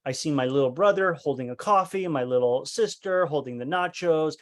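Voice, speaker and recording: A man's voice: on the high side, brisk. A man giving a leadership training talk, telling a personal story earnestly, with many restarts and acted-out quotes. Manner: earnest, full of restarts, acts out quoted voices.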